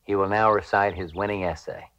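A man reading lines from a children's story aloud in a formal, measured way. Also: lowish voice, fairly even intonation, fairly bright tone. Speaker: guest reader. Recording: dull lo-fi audio.

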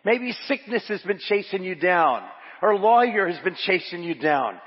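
A man pastor delivering a sermon in a church, his fairly high, husky voice carrying through a long echoing hall. He reads scripture aloud and drives points home by repeating them. The recording is dull and lo-fi. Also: big pitch swings, normal speed. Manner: asks the congregation to repeat lines.

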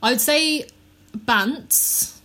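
Chatty young woman. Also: sits high. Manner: animated, fast-talking, heavy use of "like". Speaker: podcast guest. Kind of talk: candid conversational storytelling.

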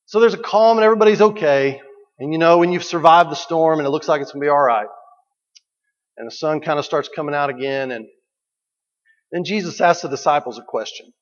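Preacher in an echoing hall. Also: male voice, a little high, fairly quick. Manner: conversational, rhetorical questions, repeats key phrases. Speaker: pastor. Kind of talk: sermon. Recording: dull recording with long hall reverb.

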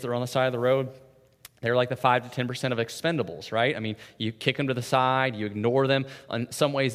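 A pastor preaches in a middle-pitched, everyday male voice, talking to his listeners as if in conversation and tagging his points with "right?". He drops to near-whispers and then swells to loud, urgent emphasis. A long reverb from the big hall trails behind every phrase. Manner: swings from soft and hushed to loud and intense. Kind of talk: sermon.

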